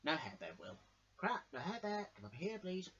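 A man's voice: high-pitched, wildly swooping pitch, a little fast, fairly bright tone, dull audio. Man hosting a toy show. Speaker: show host and director.

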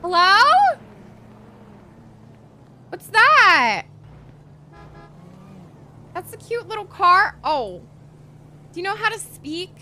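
A woman in her twenties chatting casually on a live game stream, excitable and swearing freely. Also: extremely high pitch, slow pace, pauses often, a little hiss or hum. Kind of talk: casual live-stream chat while role-playing a game.

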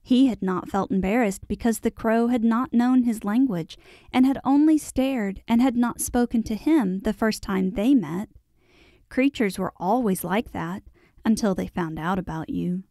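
A woman narrating a classic children's novel in a measured, expressive storytelling voice. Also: a little high, dry recording, studio quality. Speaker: audiobook narrator. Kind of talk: scripted audiobook narration.

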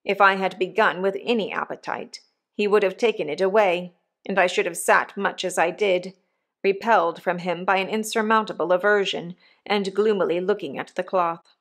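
A woman narrating an audiobook of a classic novel in a measured, even storytelling manner. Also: mid-range voice. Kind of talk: scripted narration.

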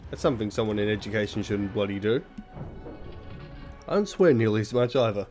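A man's voice: lowish voice, lively intonation, a little fast, darkish tone, faint music behind. A young man giving rambling, jokey, sweary commentary while playing a video game. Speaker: let's play host. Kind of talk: casual gameplay commentary.

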